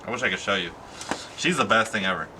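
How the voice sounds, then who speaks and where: A man's voice: on the low side, fast talker. A young man chatting casually to his camera, rambling with lots of fillers and slang. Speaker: vlogger. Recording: steady background noise.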